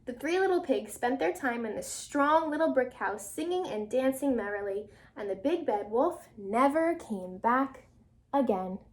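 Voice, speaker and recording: A woman's voice: high voice, animated, unhurried. A woman teacher reading a storybook aloud to her class, telling it dramatically and stopping often to ask the children questions.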